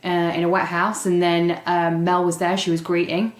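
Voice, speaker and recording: Lowish English woman telling her story. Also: normal speed. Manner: animated storytelling with fillers and laughs. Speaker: guest. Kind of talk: personal recovery story. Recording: roomy echo.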